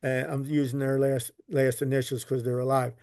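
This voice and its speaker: A Philadelphia man who collects recovery literature appears as a podcast guest, rambling through a long story, repeating words and swearing casually. His voice is medium-pitched, flat and a little mellow, clear and resonant, at normal speed. The studio-quality recording has no echo.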